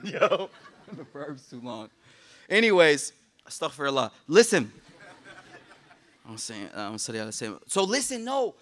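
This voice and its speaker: A young man giving a lively, casual sermon to a live audience, joking and using slang, and reciting Arabic quotations quickly. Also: on the high side. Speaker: Islamic lecturer.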